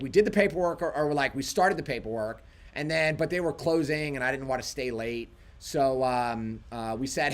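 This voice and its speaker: A man co-hosting a casual livestream, telling animated stories and quoting himself along the way. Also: a little high. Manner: animated storytelling, quotes himself. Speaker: livestream co-host.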